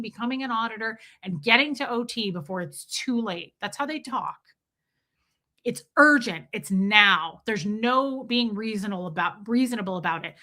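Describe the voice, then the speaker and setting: Woman streamer, casual and indignant rambling, bright and tense tone. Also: fairly high pitch. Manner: rambling, indignant, addresses viewers mid-sentence. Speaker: livestream host reading chat. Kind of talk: casual livestream commentary.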